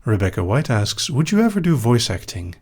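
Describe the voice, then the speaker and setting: A young Dutch man with a Dutch accent, a hypnosis show host calmly reading out and answering audience questions with dry humor. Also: mid-range voice, husky. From Netherlands. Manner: calm, unhurried, dry humor. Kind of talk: live Q&A reading chat questions.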